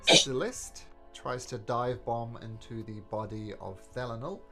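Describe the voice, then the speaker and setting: A man narrating a tabletop game as game master, relaxed and unhurried. His voice is gravelly. Music plays in the background. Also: medium pitch.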